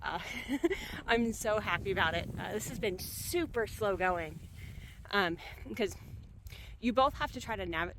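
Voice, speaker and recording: A woman's voice: medium pitch, fairly bright tone, low-quality recording. A woman films herself on a snowy trail and talks casually to the camera. She sounds winded, laughs a lot and pads her speech with fillers. Faint wind noise runs under her voice. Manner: chatty and upbeat, laughing often, many fillers. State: out of breath from skiing. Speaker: solo backcountry skier filming herself. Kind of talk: casual vlog narration. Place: outdoors on a snowy mountain trail.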